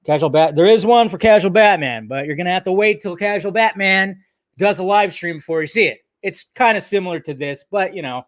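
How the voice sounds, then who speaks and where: A man's voice: sits high, brisk, no echo. A man hosting a casual live stream, loosely chatting, swearing and greeting viewers by name.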